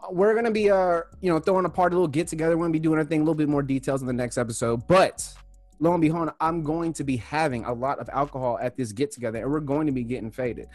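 A young man co-hosts a relaxed podcast chat, his voice sitting a little high for a man. He tells stories with energy and acts out the quotes. Faint music plays underneath. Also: racing, no echo. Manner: animated storyteller, acts out quotes loudly. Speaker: podcast co-host. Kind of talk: casual chat, storytelling.

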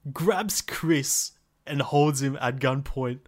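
A male podcast co-host, retelling a game session in casual chat with lively acted quotes. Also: medium pitch, takes it slowly.

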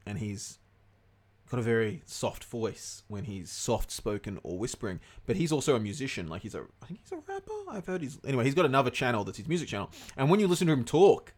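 A young man co-hosting a podcast, talking quickly in a loose, rambling way. He drops casual swears as he goes. His pitch sits in an ordinary middle range. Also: lively intonation. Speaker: podcast co-host. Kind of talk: casual chat.

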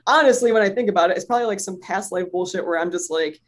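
A woman's voice: mid-range voice, fast. A woman chatting casually, telling a personal story in a rambling way, full of fillers and swearing, often laughing. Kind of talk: casual chat.

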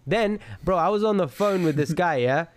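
A young man born in London and raised in South Africa, co-hosting a podcast and telling animated, slangy stories. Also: high-pitched, moderate pace. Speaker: podcast co-host, actor. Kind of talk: casual podcast chat.

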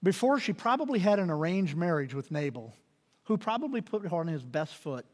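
A man preaching a sermon as pastor, building to loud emphatic peaks and dropping to quiet asides. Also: high-pitched, sing-song, fairly quick. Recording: reverberant hall.

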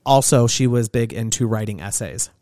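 A man's voice: mid-range voice, normal speed, no echo. Chatty man telling stories, dry sound. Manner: storytelling, lively and chatty. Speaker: hairstylist and podcast co-host. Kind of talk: casual podcast chat.

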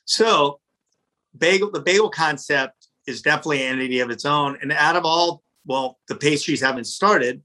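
A man with a bright, forceful voice pitched a bit high tells a story in an interview. He is animated and swears freely, and he stumbles over repeated words when he gets heated. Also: moderate pace. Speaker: restaurant owner. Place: his office.

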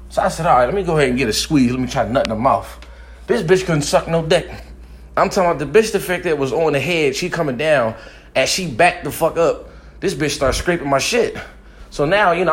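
A man's voice: a little high, fairly bright tone. A young man telling a crude, boastful comic story, profane and often laughing as he talks.

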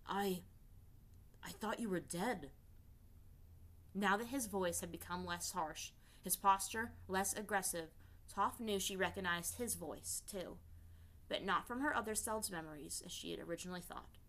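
A woman reading fan fiction aloud in a steady storytelling voice. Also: lowish voice, moderate pace. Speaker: reader.

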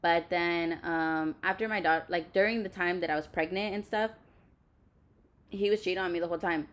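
Blunt, swearing young woman, lowish voice. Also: fairly quick. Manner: blunt, heavy swearing, many fillers. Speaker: podcast host. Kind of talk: candid storytelling chat.

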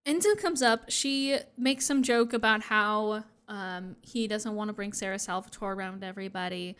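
Animated woman recapping an episode. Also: mid-range voice, normal speed, clean tone. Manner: animated, acts out quoted lines. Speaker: podcast co-host. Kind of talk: casual chat recapping a TV episode.

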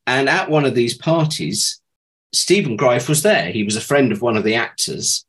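A man's voice: mid-range voice, expressive, normal speed, a bit bright, rough recording. A middle-aged man, a former child actor, telling amused anecdotes about his acting days in a chatty interview.

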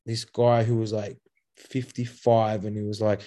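A man in a casual interview, telling stories in an animated way, swearing, laughing often and acting out the voices of people he quotes. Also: fairly low pitch, brisk. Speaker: guest, youth program founder.

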